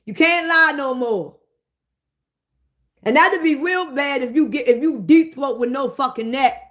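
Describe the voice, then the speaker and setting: A woman in a comedic rant, swearing freely and calling out to her listeners. Her voice sits high, and her delivery is animated. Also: a little slow. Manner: profane, animated, addressing listeners directly. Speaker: host.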